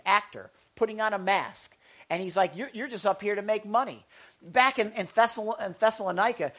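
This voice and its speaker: A man's voice: high voice, fairly bright tone. A male pastor giving a conversational sermon, with joking asides to the congregation and frequent stammered restarts.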